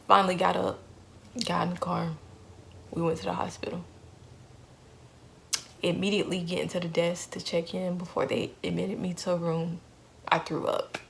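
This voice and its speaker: A woman's voice: fairly low pitch, level tone, moderate pace, creaky, long pauses, slight background noise. A young woman vlogger telling a painful personal story in an earnest way, repeating phrases for emphasis.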